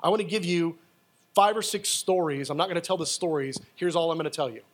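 A man preaching a sermon and telling personal stories in a casual, animated way. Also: fairly high pitch, fast talker. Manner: animated, excitable storytelling; casual, conversational with fillers.

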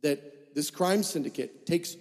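Male pastor, storytelling sermon, high voice, lively and animated, heard in a big reverberant hall. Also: unhurried. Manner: animated, acts out dialogue in his story. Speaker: preacher.

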